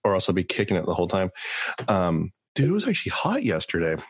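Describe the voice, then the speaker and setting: A man's voice: low voice, huge pitch swings, fast talker, slightly rough, dry recording. A man hosting a podcast, chatting casually and jokingly, with a lot of fillers. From California. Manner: rambling, joking, many fillers. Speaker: podcast host.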